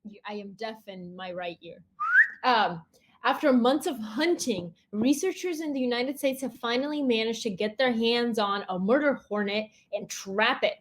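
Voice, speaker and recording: A woman's voice: fairly high pitch, normal speed, noisy background. A woman co-hosting a podcast, reading news items in a wry, matter-of-fact casual chat. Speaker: podcast co-host.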